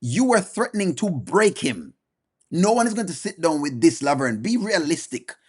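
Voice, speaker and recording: A man's voice: a little high, very animated, normal speed, slightly rough. A man hosting a live reaction stream, bluntly addressing viewers by name and repeating his points for emphasis. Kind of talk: casual commentary.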